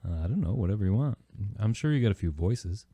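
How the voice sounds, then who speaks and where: Man, very low pitch, dark mellow tone, soft-spoken, casual chat, dry close mic. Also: animated, fast talker. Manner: speaks softly, close to the mic. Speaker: podcast host and radio presenter.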